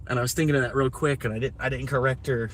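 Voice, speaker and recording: A man's voice: mid-range voice, fairly even intonation, racing, slight background noise. A man chatting casually on a live stream while driving deliveries, rambling with lots of fillers. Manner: rambling, laid-back, full of fillers. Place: inside a car on delivery runs.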